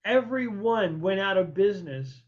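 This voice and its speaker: A middle-aged man hosting an interview, telling stories in a lively, profane, colloquial way. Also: high-pitched, moderate pace, lo-fi sound. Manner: animated, profane, colloquial storyteller. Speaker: podcast host. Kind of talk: storytelling interview chat.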